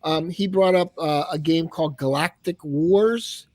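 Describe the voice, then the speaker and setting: Halting man with a dry sound. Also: a little high, a little mellow, no echo. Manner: halting, many restarts. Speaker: panel guest. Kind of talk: casual panel chat.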